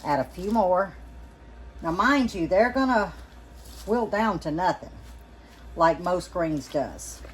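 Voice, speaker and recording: A woman's voice: on the low side, expressive, takes it slowly, long pauses, slight background noise. A woman hosting a folksy, chatty kitchen demonstration, checking in with her viewers as she works. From Louisiana. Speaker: home canning cook, channel host. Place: home kitchen.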